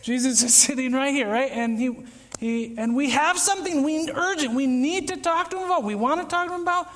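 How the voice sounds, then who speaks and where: A man preaching a casual, conversational sermon, acting out little scenes with sudden shouts and whispers. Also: very high voice, a little fast. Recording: echoey hall with long reverb.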